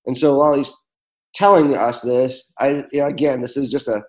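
A man tells reflective stories as an interview guest. His voice is warm and mellow. He speaks earnestly, with plenty of fillers and restarts. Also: medium pitch, steady tone, moderate pace, poor audio. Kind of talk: reflective storytelling in conversation.

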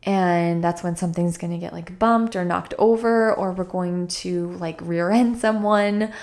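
Chatty, slightly croaky woman podcaster. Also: lowish voice, fairly even intonation, a little slow, darkish tone. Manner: chatty, lots of "like" and "right?". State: slightly croaky after a run. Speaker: podcast host. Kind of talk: casual wellness podcast talk.

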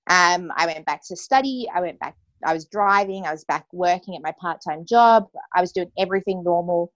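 Her voice fairly low and quick, the young adult interview guest shares a personal story casually, peppering it with "like" and "you know." The sound is lo-fi, with no echo.

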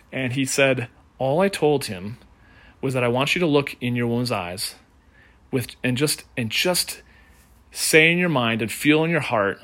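A man's voice: mid-range voice, animated, moderate pace, pauses often, fairly bright tone. A man hosting a podcast, telling a story in a casual, rambling way with many fillers. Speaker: podcast host. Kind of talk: storytelling monologue.

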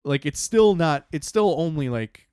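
A man's voice: a little high, lively intonation, unhurried, darkish tone, smooth, no echo, studio quality. A young man, a podcast host, tells a story in casual chat, swearing often and acting out his own reactions.

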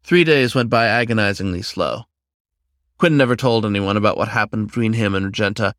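Storybook narrator, man, low voice, steady reading, dry close recording. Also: a little fast, no room sound. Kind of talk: scripted narration.

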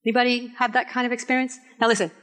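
A middle-aged woman pastor from Puerto Rico, preaching a candid sermon with personal stories and emphatic, drawn-out phrases. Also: on the high side, little pitch movement, fairly bright tone. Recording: reverberant hall.

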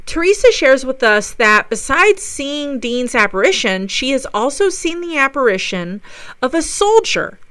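A woman's voice: high voice, very animated, measured pace, a bit bright, clean tone, dry recording. A woman, a paranormal investigator, enthusiastically narrating a recap of a ghost investigation. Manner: enthusiastic storytelling.

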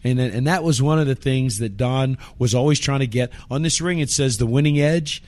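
A man's voice: medium pitch, moderate pace, a little mellow. Older man recalling games, rambling. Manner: rambling, restarts sentences. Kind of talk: casual recollection.

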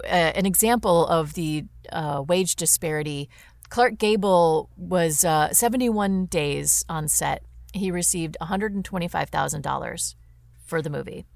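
A woman's voice: on the low side, vocal fry, no room sound. A woman co-hosting a podcast, chatting casually about an old film and often restarting sentences mid-thought. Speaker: podcast co-host.

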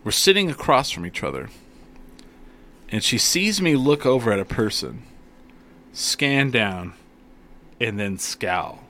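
A man in loose, profane banter, his pitch swooping up and down as he tells stories. He talks in a middle register and jumps between jokes. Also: takes it slowly, long pauses. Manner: animated, swears, tells stories. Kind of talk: casual banter.

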